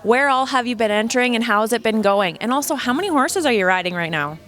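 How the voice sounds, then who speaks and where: Upbeat female event interviewer, bubbly, encouraging, slightly high voice. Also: lively intonation, fast talker, fairly bright tone.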